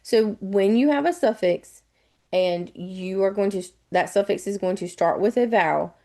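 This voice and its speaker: Southern US woman, test prep tutor, chatty, repeats each step, mid-pitched. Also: moderate pace, dark tone. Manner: chatty, repetitive step-by-step explaining. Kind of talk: live online webinar lesson.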